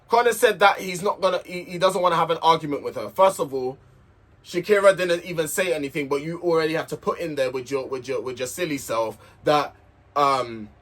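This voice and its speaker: A man's voice: fairly high pitch, a bit bright. A man recapping a reality show in a casual, heated, sweary rant, repeating himself as he vents.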